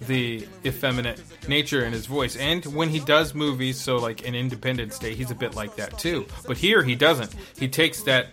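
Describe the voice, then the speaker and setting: Bright-voiced man explaining casually. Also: mid-range voice, normal speed, hardly any pauses, soft background music. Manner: explanatory, lots of fillers like "like" and "uh". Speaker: podcast co-host. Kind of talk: casual chat.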